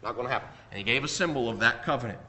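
A man preaching a sermon, emphatic, rising on key points and dropping low on asides. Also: very fast, sharp tone, a little hiss or hum. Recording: echoey room.

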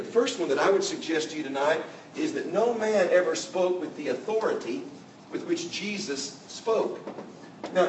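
A man with a fairly high voice preaches an earnest evening sermon, swelling and dropping his emphasis and acting out the voices he quotes. He is picked up from some way off the mic, and the church around him rings with echo. Faint room noise sits underneath. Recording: echoey room, mic at a distance.

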